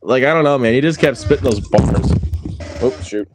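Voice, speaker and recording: A man's voice: mid-range voice, normal speed, over loud music. A man hosting a casual online hangout, talking on a headset mic, giggling and repeating himself as he rambles. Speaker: host. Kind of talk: casual chat.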